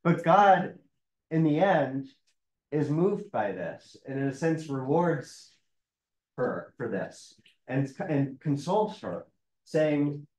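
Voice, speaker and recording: A man's voice: fairly high pitch, very animated, takes it slowly, a little mellow. A man, a rabbi, leading a conversational text study class, explaining and reading passages aloud in a thoughtful way. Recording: roomy, distant mic.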